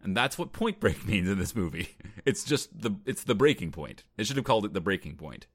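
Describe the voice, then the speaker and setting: A man's voice: on the low side, very animated, fairly quick, no room sound, clean studio sound. A young man co-hosting a podcast, recapping a movie in casual chat with wry humor and frequent laughs. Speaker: podcast co-host.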